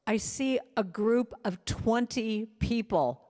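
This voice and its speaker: Animated woman telling stories in a reverberant hall. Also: on the high side, slow. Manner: animated, self-deprecating storytelling. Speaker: inspirational speaker and singer. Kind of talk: storytelling talk at a spiritual service.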